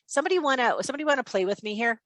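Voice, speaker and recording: A woman with a high-sitting voice leads a live online sales training by video call, talking rapid-fire with energetic, chatty teaching. There's no echo.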